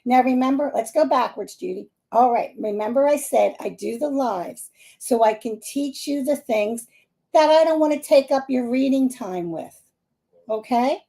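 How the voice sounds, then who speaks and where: Host: middle-aged woman, Philly-area accent, high-pitched, lively and laughing, talking to viewers on a live stream. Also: normal speed, vocal fry. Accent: Philadelphia area. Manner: chatty, animated, laughing often. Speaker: psychic medium hosting a live stream.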